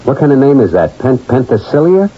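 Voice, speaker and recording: A man's voice: medium pitch, very animated, a little fast. An actor playing a wisecracking, hard-drinking male newspaper reporter in a vintage radio drama. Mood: sardonic. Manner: sardonic, wisecracking. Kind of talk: 1970s radio drama acting. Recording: dull old radio broadcast.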